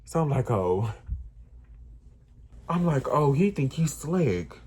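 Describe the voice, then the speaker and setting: Man for a casual storytime vlog: animated, emphatic retelling, middle pitch. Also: takes it slowly, long pauses, husky.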